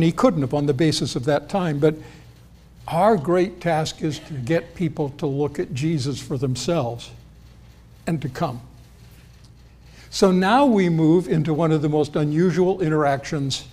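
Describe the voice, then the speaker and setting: A man preaching with a slightly raised pitch. He talks to the congregation conversationally and acts out the quoted lines with lifted voice. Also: darkish tone. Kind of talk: expository sermon.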